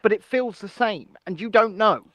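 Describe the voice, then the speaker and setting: A man co-hosting a casual chat show, explaining things in an animated way. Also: high-pitched, moderate pace, no room sound. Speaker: co-host.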